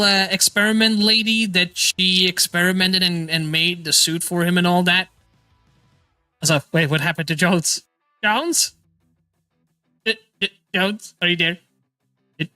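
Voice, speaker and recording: A man's voice: high voice, bright, forceful tone, clear, resonant tone, dry recording. A man hosting a casual livestream chat, enthusiastic and laughing often. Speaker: livestream host.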